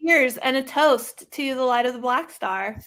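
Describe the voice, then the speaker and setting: A woman with a high, bright-pitched voice hosts a casual live panel and teases her guests playfully. The voice comes over a video call. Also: measured pace. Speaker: host.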